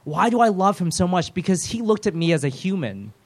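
A man preaching a sermon in a lively, conversational way, with self-deprecating humor and quick role-played voices. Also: high-pitched. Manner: animated, acts out voices of biblical figures.

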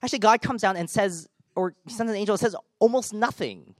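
A man's voice: high-pitched, fairly quick, no echo, studio quality. A man giving a conversational sermon as a pastor, informal with self-deprecating humor.

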